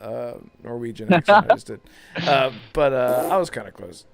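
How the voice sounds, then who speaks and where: A man's voice: mid-range voice, expressive, normal speed, gravelly, a crowd in the background. A man hosting a gaming podcast in casual chat, talking loosely and laughing often. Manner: chatty, laughs often, reads chat aloud. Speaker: podcast host.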